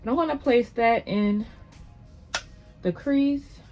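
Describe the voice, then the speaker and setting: A woman's voice: fairly high pitch, takes it slowly, a little mellow, faint music behind. A woman hosting a casual makeup tutorial at home, chatty and upbeat, rambling a little with fillers as she talks to the camera. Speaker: beauty vlogger.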